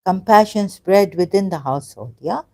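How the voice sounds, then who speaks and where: A woman's voice: mid-range voice, expressive, gravelly, darkish tone. Hesitant woman arguing on a livestream. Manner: hesitant, halting, with frequent fillers and apologies; argumentative, rhetorical questions. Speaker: livestream host. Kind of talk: casual live-stream talk on religion.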